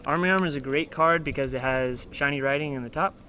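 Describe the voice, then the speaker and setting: A young man casually showing off his card game deck, rambling and crude, acting out opponents with loud outbursts. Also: a little high, fast talker, a little hiss or hum. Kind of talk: casual profanity-laden deck profile.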